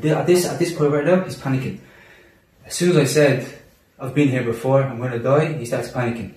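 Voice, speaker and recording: A young man telling a personal story in casual talk among friends, animated and full of restarts. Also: medium pitch, brisk. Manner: animated, acts out quotes, many restarts. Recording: roomy echo, distant mic.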